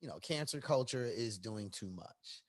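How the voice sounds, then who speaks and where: A Chicago man in casual podcast chat, his pitch swinging widely as he argues. He is blunt and profane, and he climbs close to a shout when he gets worked up. He sounds like a regular co-host laying out his view to friends. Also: moderate pace. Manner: animated, profane, rising to near-shouts when riled up.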